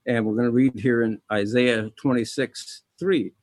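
A man's voice: mid-range voice, steady tone, moderate pace, few pauses, darkish tone, dry recording. A middle-aged man preaching a sermon, reading scripture aloud and repeating key phrases with emphasis, calling his listeners brethren.

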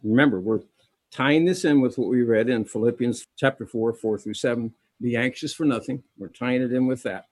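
A man's voice: medium pitch, normal speed, darkish tone, no room sound. A middle-aged man preaching a sermon, reading scripture aloud and repeating key phrases with emphasis, calling his listeners brethren.

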